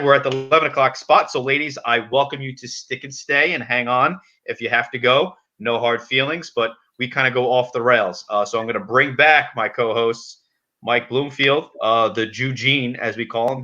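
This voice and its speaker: A man's voice: mid-range voice, steady tone, pushed and bright. A man hosting a live show over video call, upbeat and bantering. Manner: upbeat, quick plugs and banter. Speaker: host. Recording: slightly dull lo-fi sound.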